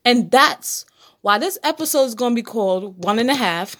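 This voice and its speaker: A woman's voice: on the high side, lively intonation, moderate pace, a bit bright. Blunt, preachy woman podcaster. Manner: blunt, preachy, profane, talks straight to listeners. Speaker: podcast host. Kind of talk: casual solo podcast monologue.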